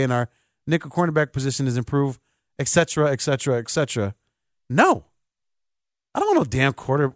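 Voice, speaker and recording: A man's voice: medium pitch, no echo, studio quality. A man hosting a sports talk radio show, giving opinionated, emphatic takes on the air.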